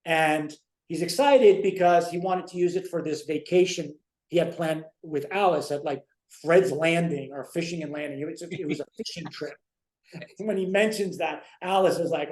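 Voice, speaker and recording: A man in his forties chats casually, rambling with lots of fillers as he retells scenes. His voice sits fairly high. The room sounds roomy and echoing. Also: moderate pace, a little mellow. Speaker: co-host. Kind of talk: casual chat. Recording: roomy echo.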